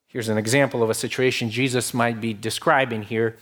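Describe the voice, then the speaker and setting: A male pastor delivers a sermon in an easy, conversational teaching manner, mid-pitched. He leans on rhetorical questions and sinks to a hushed, low voice when quoting. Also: fairly even intonation, normal speed, hardly any pauses.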